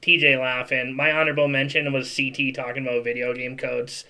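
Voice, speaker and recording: A man's voice: medium pitch, flat delivery, a little fast, bright, forceful tone, clear, resonant tone, poor audio. A man hosting a casual podcast, running the segments and handing turns to his co-hosts. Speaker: podcast host.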